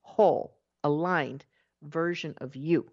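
A woman giving a spiritual talk, acting out everyday inner voices and slowing down to stress key words. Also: sits low. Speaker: spiritual teacher. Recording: dull lo-fi recording.

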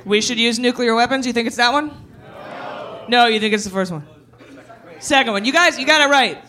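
A man's voice: extremely high pitch, brisk, pushed and bright, some chatter behind. A man hosting a live comedy show on stage, running a quiz game with playful, laughing banter. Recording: live club audience behind.

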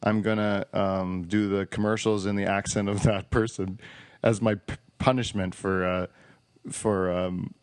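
A man's voice: fairly low pitch, level tone, measured pace, no echo, studio quality. A man hosting a podcast, telling a rambling, joking story full of restarts in casual chat. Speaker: podcast host.

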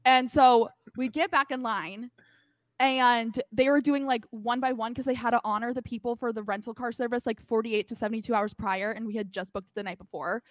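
A young woman in her twenties, a podcast co-host, telling a story in casual chat, filling it with "like" and acting out quotes in a loud voice. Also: a little high, a little fast, no room sound. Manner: animated storytelling, acts out quotes loudly; heavy use of "like".

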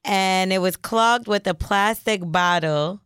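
A woman's voice: mid-range voice, takes it slowly, fairly bright tone, smooth, no room sound, clean studio sound. A woman co-hosting a casual podcast, blunt and profane, teasing her co-host as she reads out odd news stories.

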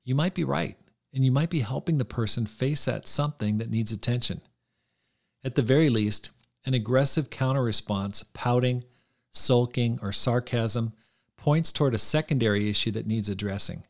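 A man's voice: medium pitch, moderate pace, vocal fry. Earnest man reading his own book. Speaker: podcast host.

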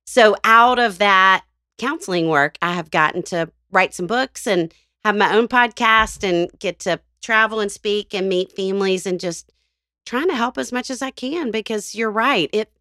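Bright-voiced woman counselor. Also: mid-range voice, moderate pace, no room sound, studio quality. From Nashville, Tennessee. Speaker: counselor and podcast guest. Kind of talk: podcast interview.

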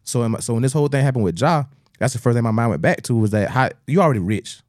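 A man's voice: medium pitch, very fast, dry recording, studio quality. A man in his late thirties hosting a casual podcast chat, telling stories and acting out the people he quotes. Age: late 30s. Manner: animated storyteller, acts out quoted voices. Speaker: podcast host.

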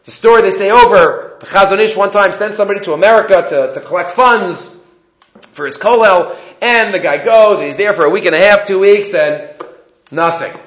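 A man's voice: high voice, moderate pace, a bit bright, roomy sound, poor audio. A man teaching a class in a conversational lecturing way, asking rhetorical questions.

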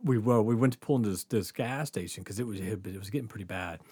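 A man's voice: fairly low pitch, fast, husky, no echo. A man telling a casual story on a podcast, full of fillers, swearing and laughter. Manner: animated, laughs often, lots of fillers and swearing.

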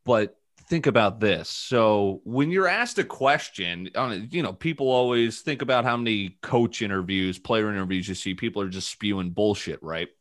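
A man's voice: fairly low pitch, animated, moderate pace, hardly any pauses, fairly bright tone, no room sound, studio quality. A man hosting a casual podcast, rambling with jokes and many fillers. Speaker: podcast host.

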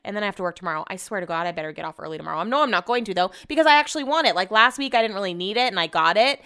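A woman's voice: medium pitch, expressive, rapid-fire, few pauses, bright, forceful tone, clear, resonant tone. A young woman venting casually in a vlog, exasperated and ranting, swearing freely. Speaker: vlogger.

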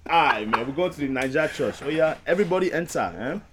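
A man's voice: on the high side, animated, quick pace, background noise, voice pushed down, close to an everyday voice. A man putting on a West African accent to play a bossy church pastor with a sing-song sermon tone. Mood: playful preaching.

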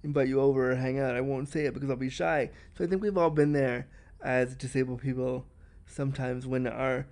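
A man hosting a podcast, giving candid, chatty commentary on a film in a frank, fast-talking way. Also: fairly high pitch, a little mellow. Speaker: podcast host.

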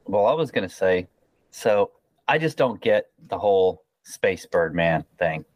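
A man's voice: sits low, sing-song, measured pace, no echo. A man joining a casual podcast chat as a guest, hesitant and repeating himself.

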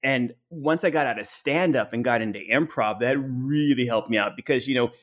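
A man's voice: medium pitch, a little fast, fairly bright tone. A man telling a comedy club story in a casual podcast chat, with lots of fillers. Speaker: podcast co-host.

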